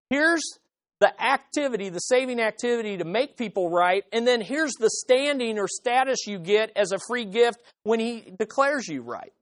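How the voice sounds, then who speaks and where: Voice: mid-range voice, no room sound, clean studio sound. A preacher delivering a sermon with emphasis, repeating key phrases and asking the listeners rhetorical questions.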